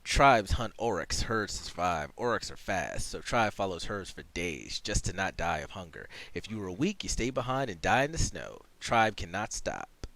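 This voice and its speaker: A man voicing a proud, hot-tempered barbarian woman warrior, in gruff, boastful, choppy speech. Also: deep voice, sing-song, moderate pace, few pauses, a bit bright, no room sound, full character voice. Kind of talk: reading a game's dialogue aloud.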